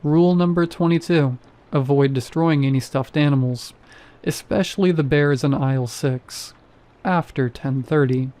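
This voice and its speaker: Man voicing a flat, bored security guard. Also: a little high, normal speed, natural voice. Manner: flat, almost bored delivery. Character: flat, apathetic male supermarket security guard. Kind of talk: horror story narration.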